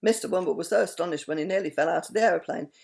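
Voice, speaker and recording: A woman reading a children's story aloud in an expressive, animated way. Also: fairly low pitch, racing, vocal fry.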